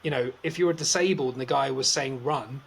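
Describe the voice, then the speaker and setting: A man's voice: medium pitch, fairly quick, creaky, a little hiss or hum. A man, telling a story on a podcast in a casual, swearing way and acting out the other people's lines. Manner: swears freely, acts out quotes, laughs often. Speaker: podcast co-host.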